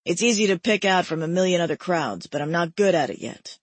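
A woman voicing a brooding, centuries-old half-wolf man with a gravelly voice in an audiobook. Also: fairly low pitch, expressive, fairly quick, dry recording.

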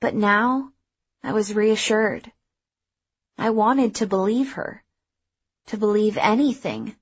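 A woman narrating a first-person story in a measured, even way. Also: mid-range voice, breathy edge, dry recording, muffled recording. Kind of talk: audiobook narration.

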